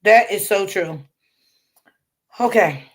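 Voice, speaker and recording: A woman's voice: medium pitch, takes it slowly. A woman hosting a casual live stream and reading the chat out. She laughs often, calls on the Lord and swears freely.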